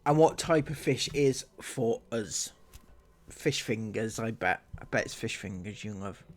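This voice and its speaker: A man's voice: on the low side, lively intonation, unhurried, crowd noise. A man giving sarcastic reaction commentary, firing incredulous rhetorical questions.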